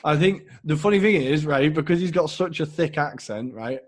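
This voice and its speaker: A man's voice: a little high, normal speed. A man co-hosting a casual football podcast, talking with rambling enthusiasm and some self-mockery. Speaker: podcast co-host.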